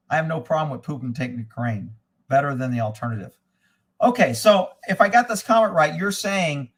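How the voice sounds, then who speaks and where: A man with a somewhat higher voice for a man, talking off the cuff as he answers viewer comments. He is blunt and opinionated and swears freely. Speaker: host reading viewer comments. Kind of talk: casual live commentary.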